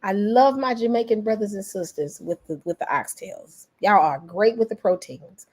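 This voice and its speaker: A woman's voice: mid-range voice, normal speed, a little mellow. An American woman giving an earnest opinion monologue, repeating her points for emphasis in casual, folksy slang. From United States. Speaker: vlogger.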